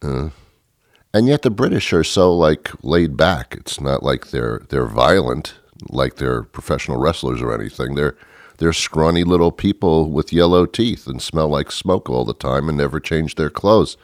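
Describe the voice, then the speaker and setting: Deep-voiced man rambling with mock indignation. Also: lively intonation, normal speed, no echo, clean studio sound. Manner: mock-indignant, chuckling, meandering. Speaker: podcast host. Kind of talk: rambling comic monologue.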